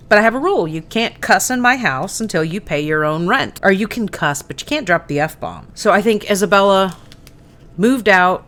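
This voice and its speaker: A woman's voice: on the low side, a bit bright. A woman in her forties hosting a live painting stream, chatting casually and laughing easily. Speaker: host. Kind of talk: casual chat while painting miniatures.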